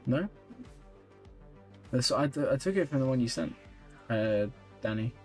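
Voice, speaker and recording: Man, live-stream chat, casual, tired, mid-pitched voice, soft music in the background. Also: a little slow. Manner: relaxed, chatty, reads and answers chat comments with small laughs. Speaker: streamer reviewing viewers' game accounts.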